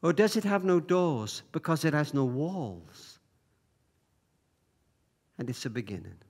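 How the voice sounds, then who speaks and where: A man telling a story to an audience, speaking in a halting way with many repeated words. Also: fairly high pitch, sing-song, a little mellow.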